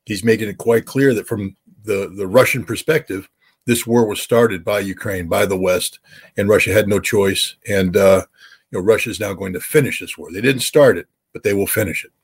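A man who was once a weapons inspector gives expert commentary as an interview guest, halting with many fillers and lively when he quotes others. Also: fairly low pitch, slightly rough.

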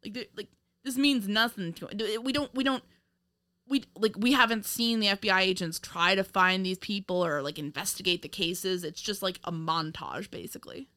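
Woman podcast co-host, bright tone, rambling and giggly film chat. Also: mid-range voice, normal speed. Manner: rambling, laughs often, many fillers and restarts. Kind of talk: casual film review chat.

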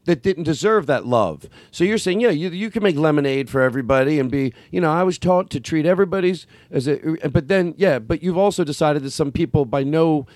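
A man's voice: fairly high pitch, animated, fairly quick, few pauses, a little mellow, no echo. Rambling man with a Philly accent. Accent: Philadelphia. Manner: rambling, self-correcting, swears freely. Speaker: podcast host. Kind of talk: casual chat.

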